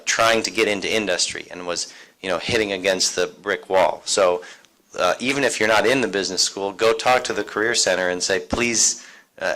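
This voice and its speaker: A man with a low-sitting, sharp-toned voice chats on an alumni career panel at a university seminar. His casual, conversational talk is full of fillers and restarts, and the audio is poor.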